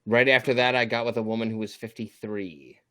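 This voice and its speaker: A man's voice: mid-range voice, little pitch movement, a little fast, sharp tone. A tipsy man on a livestream, gushing and rambling with swearing and laughter. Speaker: livestream guest. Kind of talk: emotional tipsy livestream chat.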